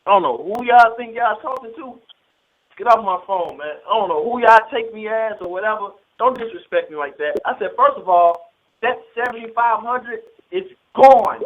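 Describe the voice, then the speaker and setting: A man's voice: high-pitched, animated, moderate pace. A man, a battle rapper, tells the story of a money dispute in a played interview clip, speaking in profane, streetwise language and acting out the phone calls in quoted dialogue. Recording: tinny phone-like audio.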